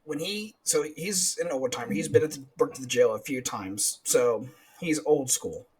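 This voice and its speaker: Man, young, husky voice, casual profane storyteller. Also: medium pitch, moderate pace, low-quality recording. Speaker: podcast co-host, corrections officer.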